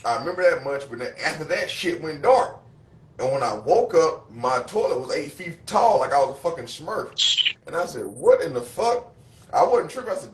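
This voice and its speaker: A man chatting casually as co-host, telling a wild story full of profanity and animated retellings. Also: a little high, brisk, roomy sound. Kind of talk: casual chat.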